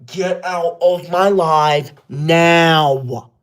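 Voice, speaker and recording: A man's voice: on the high side, lively intonation, fairly quick. A man playing a bossy, touchy schoolboy livestreamer who is obsessed with rules, in a comedic livestream parody, talking in a scolding, indignant way.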